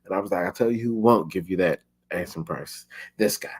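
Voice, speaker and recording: A man's voice: sits low, fairly quick, darkish tone, breathy edge. A young man hosting a podcast, chatting casually and acting out his own thoughts as quotes. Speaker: podcast host. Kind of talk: casual chat.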